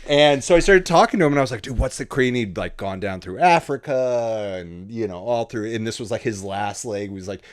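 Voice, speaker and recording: A man telling travel stories in a relaxed, casual way in a podcast interview, often swearing and acting out what people said. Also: on the low side, fairly quick, few pauses. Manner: laid-back, swearing, acts out dialogue. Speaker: guest photographer.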